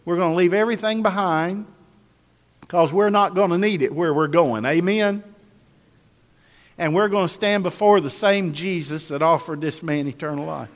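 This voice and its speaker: An emphatic male pastor preaching a sermon, driving points home through repetition and calls to the congregation. His voice sits slightly high and rings with a long echo through a large hall. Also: moderate pace.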